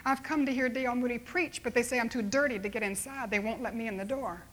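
A woman's voice: on the high side, fairly even intonation, quick pace, fairly bright tone. A woman voicing a ragged, homeless little boy who pleads earnestly in a spoken sermon story.

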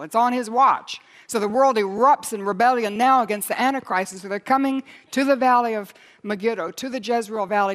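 A woman preaching a sermon on scripture, dropping to near-whispers and then rising into loud, ringing proclamation. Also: mid-range voice.

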